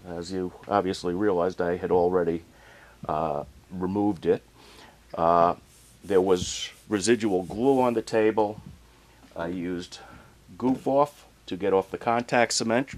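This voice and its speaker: A man casually narrating a hands-on turntable repair in a relaxed, plainspoken way while he works in a home workshop. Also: sits low. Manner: relaxed, plainspoken, working as he talks. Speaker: hobbyist restoring a turntable.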